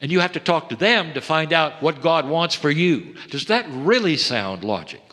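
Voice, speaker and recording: A man's voice: a little high, animated, moderate pace, pushed and bright. Man channeling a solemn message in a reverberant hall. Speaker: spiritual channeler. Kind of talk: channeled spiritual address to a live audience. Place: event hall.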